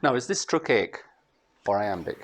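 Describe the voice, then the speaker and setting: A man from Scotland with a Scottish accent, giving a master class to students in an unhurried, explanatory way with thoughtful pauses. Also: on the low side, big pitch swings. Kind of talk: lecture to students.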